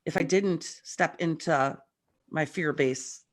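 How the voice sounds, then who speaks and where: Speaking slowly in a low-sitting voice, a woman who is a guest medium tells stories animatedly during a casual video-call chat. Her voice carries some morning roughness.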